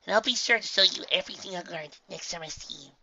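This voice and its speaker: A man voicing a young unicorn filly, earnest and emotional, with a soft, eager delivery. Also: high-pitched, fast, dull audio, slight background noise, voice pushed up, heavily acted.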